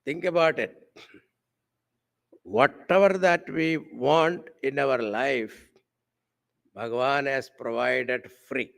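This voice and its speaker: Slow, gravelly-voiced swami. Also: male voice, mid-range voice, a bit bright. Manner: slow and deliberate, asks the audience rhetorical questions, uses Sanskrit terms. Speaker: swami giving a spiritual discourse. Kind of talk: devotional sermon with a told story. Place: camp hall with a live audience.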